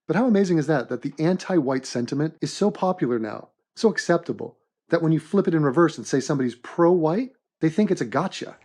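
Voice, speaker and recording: A man's voice: fairly high pitch, quick pace, few pauses. Man in a sarcastic comedy voiceover. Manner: mock-serious, deadpan sarcasm. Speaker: host and narrator of an animated commentary.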